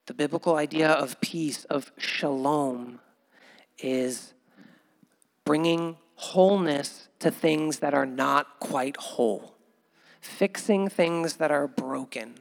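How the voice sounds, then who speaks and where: A man preaching a conversational sermon as pastor, chuckling often and building to loud, animated bursts. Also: a little high, takes it slowly, gravelly, long reverb tail.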